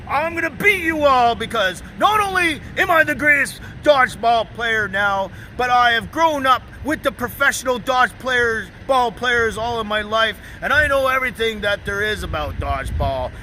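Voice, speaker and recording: A man putting on a mocking voice of a loud, boastful man who claims to know everything, shouting and whining. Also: very high voice, slight background noise, heavily acted, rough recording.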